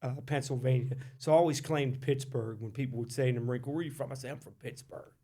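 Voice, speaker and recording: A man's voice: mid-range voice, fast, mellow. A man from West Virginia sits in as a podcast guest and tells long, rambling stories. His voice sits in an ordinary middle register, and his delivery is loose and chatty. He often stops mid-line on fillers before pushing on. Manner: loose and talkative, with frequent fillers and profanity. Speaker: podcast guest, Marine veteran. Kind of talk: casual storytelling.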